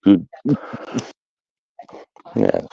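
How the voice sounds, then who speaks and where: A man in his fifties with an Australian accent rambles through blokey stories in casual chat, swearing freely. He speaks extremely slowly, and the audio is narrow and tinny with no echo.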